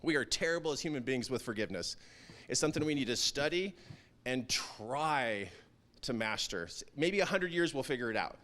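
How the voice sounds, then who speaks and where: On an event stage at a town hall, a man gives a motivational talk in an expressive, sharp, mid-range voice at a moderate pace. He's earnest and emphatic, climbing to intense peaks whenever he quotes himself.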